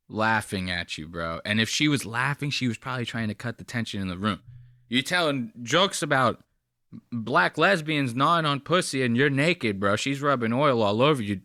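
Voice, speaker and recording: A man's voice: mid-range voice, pushed and bright, no echo, clean studio sound. A man hosting a reaction channel, giving profane, mocking casual commentary on a clip.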